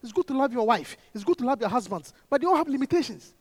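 A man delivers an animated sermon, often laughing and breaking into shouts. His voice sits very high and swings up and down in pitch. The sound is close and dry. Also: fast, dry recording. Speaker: preacher.

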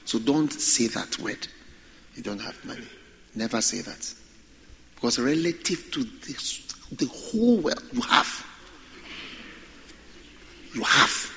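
A man preaching a sermon, animated and repeating phrases for emphasis. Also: medium pitch, slow, pauses often, highs cut off, a little hiss or hum.

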